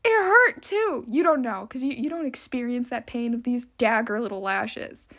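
A young woman chats through a solo podcast in a rambling, easygoing way, her speech full of filler words. Her voice sits high and sounds bright and sharp, and she talks freely without a script. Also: expressive, moderate pace. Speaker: podcast host. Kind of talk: casual solo podcast chat.

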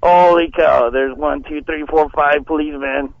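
A man calling in by phone while walking out of a concert, excitable and rambling, laughing often. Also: a little high, normal speed, gravelly, hardly any pauses, no room sound. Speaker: caller. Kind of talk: phone call from outside a concert. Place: outdoors leaving a concert. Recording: dull lo-fi phone line.

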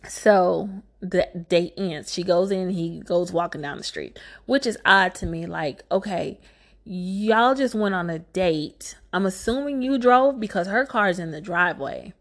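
A woman's voice: on the low side, measured pace. A woman giving a casual movie recap, sassy and exasperated, talking back to the filmmaker.

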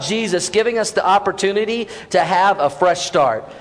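High-voiced pastor in an echoing hall. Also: male voice, normal speed, few pauses, slight background noise. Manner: conversational, asks the audience questions. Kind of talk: Easter sermon. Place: large church hall. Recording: echoey hall with audience.

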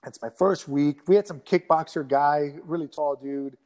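A man in his thirties telling a rambling, animated story in a casual interview, acting out quotes with many restarts. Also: fairly high pitch, moderate pace. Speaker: guest fighter.

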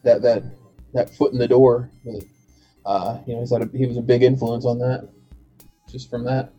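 A man's voice: mid-range voice, little pitch movement, normal speed, warm tone, muffled recording. A man hosting a casual podcast chat, rambling with many fillers and restarts. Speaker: podcast host. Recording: faint bed music behind.

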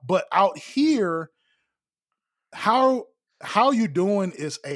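A laid-back man with a fairly high voice trades slangy stories on a podcast. He laughs easily, and his close mic sounds dry, with no room around it. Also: lively intonation, a little slow, no echo. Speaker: podcast co-host. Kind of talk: casual chat.

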